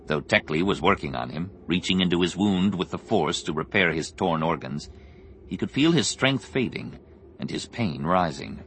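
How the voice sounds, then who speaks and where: A man narrating an audiobook in an expressive, measured storytelling voice, with music underneath. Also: low voice, slight background noise. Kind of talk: scripted narration.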